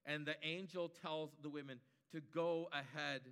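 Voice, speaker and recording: A man's voice: a little high, fairly even intonation, unhurried, fairly bright tone, clear, resonant tone, in a large hall. A man preaching a sermon, building his points through emphatic repetition.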